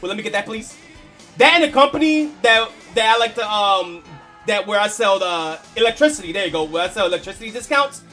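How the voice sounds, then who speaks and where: A man streaming and telling a story to his viewers in a casual, animated way, chuckling and swearing freely. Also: high voice, a little fast, faint music behind.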